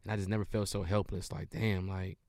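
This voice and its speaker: Man from detroit, gravelly, bright, dry close sound, laid-back rambling comedian. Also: low-pitched, little pitch movement, fairly quick, no room sound. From Detroit, USA. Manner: laid-back, rambling, says "you know what I'm saying" a lot. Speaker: comedian guest. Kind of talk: casual interview chat.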